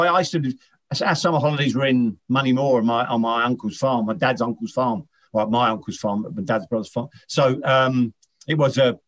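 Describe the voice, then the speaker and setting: A middle-aged man, a former footballer, chatting as an interview guest, telling rambling anecdotes with many restarts. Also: medium pitch. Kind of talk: casual interview chat.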